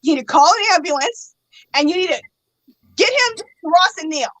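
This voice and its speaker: A woman telling a story in casual chat, animated and laughing often, acting out the other people's lines. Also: very high-pitched, fairly quick, no echo, poor audio. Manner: animated, laughs often, acts out quoted voices.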